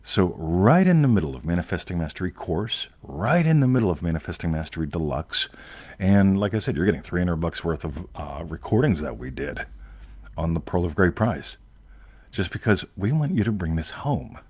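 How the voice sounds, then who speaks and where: A man's voice: deep voice, big pitch swings, moderate pace, a little mellow, breathy edge, no echo. A man hosting a casual chat, rambling and emphatic, often tagging "right?" and swearing offhandedly. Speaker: host.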